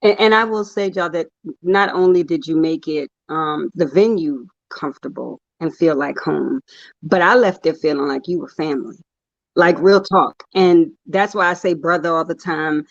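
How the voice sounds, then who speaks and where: A woman's voice: deep voice, normal speed, dry recording. A woman in her thirties chats with candid, self-mocking humor. Her voice sits dry and close, with slightly dull, muffled audio. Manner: candid, humorous storytelling with laughs. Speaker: poet guest. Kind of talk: casual chat.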